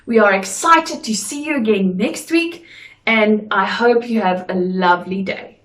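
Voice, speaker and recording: A woman teaching a drama lesson, giving slow, deliberate instructions. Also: mid-range voice, fairly bright tone, echoey room, recorded from a distance.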